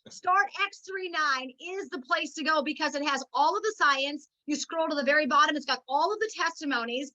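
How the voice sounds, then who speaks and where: A woman's voice: sits high, moderate pace, hardly any pauses, bright, forceful tone, low-quality recording. A middle-aged woman giving an emotional, preachy motivational talk at a network marketing meeting. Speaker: network marketing team leader.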